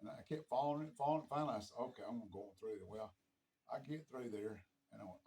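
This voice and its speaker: A man's voice: on the low side, rapid-fire, dark tone, a little hiss or hum, poor audio. A middle-aged man telling a hunting story in casual chat, acting out the quoted voices and laughing often.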